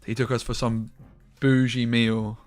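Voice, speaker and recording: A man's voice: medium pitch, little pitch movement, unhurried, soft background music. Chatty young man streaming. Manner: rambling anecdotes with slang and swearing. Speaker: game streamer. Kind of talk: casual live-stream chat over gameplay.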